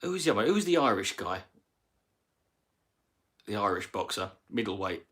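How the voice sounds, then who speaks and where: A man's voice: on the low side, very animated, brisk, fairly bright tone. A man, a comedian, ranting casually on a live stream with rambling, profane talk and many restarts.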